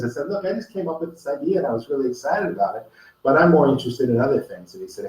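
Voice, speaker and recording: A man's voice: mid-range voice, very animated, quick pace, darkish tone. Guy telling a rambling story then preaching about love and dreams, lots of ums, roomy echo. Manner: rambling, earnest, with many fillers and restarts. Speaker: host. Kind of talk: personal storytelling and motivational talk. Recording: echoey room, distant from the mic.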